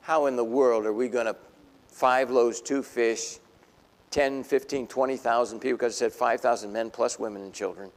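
A man preaching a sermon, telling a Bible story in lively fashion and acting out the people in it. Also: medium pitch, moderate pace, long reverb tail. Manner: animated storytelling, voicing biblical figures. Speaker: pastor.

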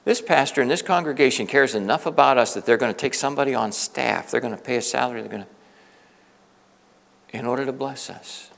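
A man's voice: medium pitch, a little fast, vocal fry, fairly bright tone. A middle-aged man preaching a storytelling sermon, earnest and conversational, often restarting his sentences. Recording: long reverb of a large hall.

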